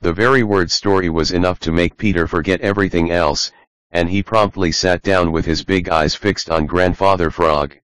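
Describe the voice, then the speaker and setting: A man narrating a children's animal storybook audiobook in an even reading manner. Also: low voice, normal speed, smooth, dry recording, low-quality recording. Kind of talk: scripted narration.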